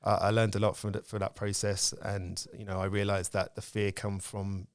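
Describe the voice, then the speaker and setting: A man's voice: fairly low pitch, level tone, moderate pace, no room sound, clean studio sound. A man, speaking as a podcast guest and telling candid stories about his own life in casual conversation. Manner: candid storytelling, reflective.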